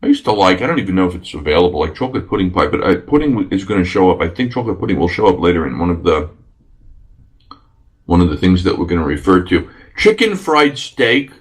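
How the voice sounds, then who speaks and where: A man's voice: deep voice, sing-song, fast. Rambling, enthusiastic male podcast host. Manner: rambling, enthusiastic, lots of fillers. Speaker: radio host. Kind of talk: casual solo podcast talk.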